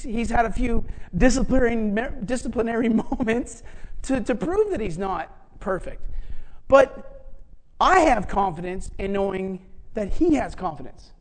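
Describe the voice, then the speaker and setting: Middle-aged preacher, chatty sermon delivery with fillers and restarts, animated when acting out dialogue. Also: mid-range voice, unhurried, low-quality recording. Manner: animated, acts out quoted dialogue; conversational, many fillers and restarts. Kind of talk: sermon storytelling.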